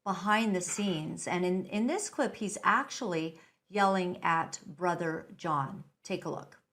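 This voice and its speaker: A woman hosting an interview, asking questions in a measured way and introducing a clip. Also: lowish voice, fairly bright tone. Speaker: interview host.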